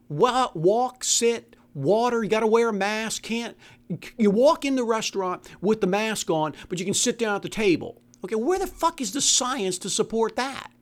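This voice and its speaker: Exasperated man ranting with animated pitch. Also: normal speed. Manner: profane, exasperated, mocks opponents in put-on voices. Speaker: podcast host. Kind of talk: angry monologue rant.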